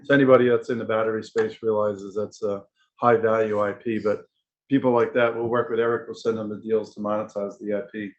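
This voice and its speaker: A law firm partner making measured, matter-of-fact remarks to an audience. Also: male voice, on the low side, level tone, dull audio.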